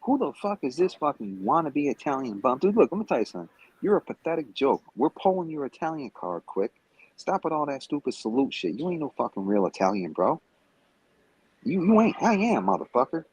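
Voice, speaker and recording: His voice a little high, darkish and slightly rough, this Las Vegas stream guest calls in remotely and speaks a bit fast with great animation. He curses at and taunts a rival in a confrontational rant, on a low-quality recording with no room sound.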